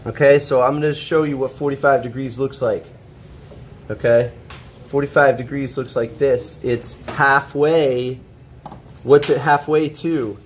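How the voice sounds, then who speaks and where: A man teaching a high school shop class, walking students through a drawing step by step, checking in often and joking with them. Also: steady tone, measured pace, a little hiss or hum. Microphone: camera held by a student.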